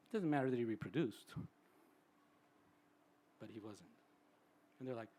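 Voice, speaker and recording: A man's voice: medium pitch, lively intonation, normal speed, long pauses, warm tone. A man in his sixties, a psychologist, giving a conversational public talk at a live event and often checking in with "right?". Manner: chatty, tags sentences with "right?". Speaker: psychologist speaking at a symposium.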